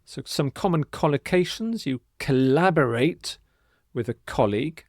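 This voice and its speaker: A man teaching an English vocabulary lesson, speaking slowly and repeating words with careful, emphatic pronunciation. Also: on the high side, lively intonation, dry recording, studio quality.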